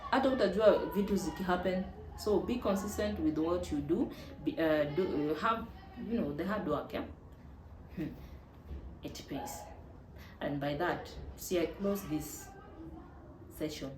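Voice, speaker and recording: A woman's voice: lowish voice, normal speed. A woman with a Kenyan accent, hosting a casual advice vlog in a chatty, emphatic way. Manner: chatty and emphatic, mixing in Swahili. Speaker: vlog host. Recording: echoey room with faint ambient noise.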